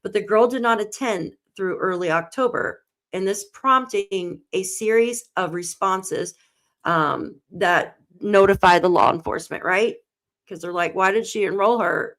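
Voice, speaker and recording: A woman's voice: on the low side, fairly bright tone. Tearful woman hosting a true crime stream. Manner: greets chat viewers by name, reads articles aloud, tearful. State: close to tears. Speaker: true crime channel host. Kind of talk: live-stream true crime news reading.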